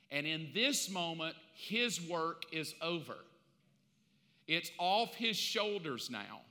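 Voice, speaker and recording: Pastor in his fifties, slightly high voice with lots of bite, storytelling sermon in a reverberant hall. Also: takes it slowly. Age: 50s. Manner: animated storytelling with slangy asides. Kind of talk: casual conversational sermon. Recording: long reverb of a large hall.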